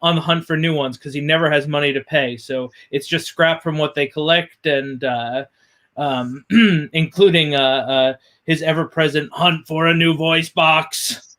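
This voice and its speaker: Hesitant male player, somewhat high voice. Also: steady tone, a little slow, sharp tone. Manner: hesitant, throat-clearing. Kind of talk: casual table chat.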